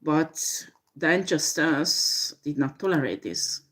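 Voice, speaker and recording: Slow, low-voiced woman doing a tarot reading. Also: animated, fairly bright tone. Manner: slow, hesitant, many fillers. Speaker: tarot reader. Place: home with a dishwasher running.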